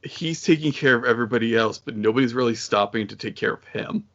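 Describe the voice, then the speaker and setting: A man's voice: medium pitch, quick pace, fairly bright tone. A man co-hosting a podcast, recapping a show in a hesitant way with many fillers and restarts. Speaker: podcast co-host. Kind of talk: casual chat recapping a show. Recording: dull lo-fi podcast audio.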